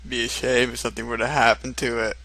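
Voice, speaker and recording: A man's voice: medium pitch, flat delivery, fast talker, bright, forceful tone, no echo. A man voicing a sly creature making mock-polite gangster threats. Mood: menacing. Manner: smooth mock-gangster menace.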